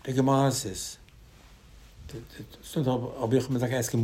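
Man giving an animated Torah sermon. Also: mid-range voice, brisk. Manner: animated storytelling with sudden loud bursts and hushed asides. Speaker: rabbi teaching Torah.

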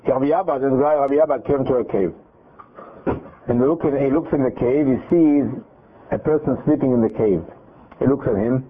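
A man's voice: medium pitch, moderate pace, breathy edge. Man retelling a Torah story over phone. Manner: animated retelling with quoted dialogue and restarts. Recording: tinny phone-line audio.

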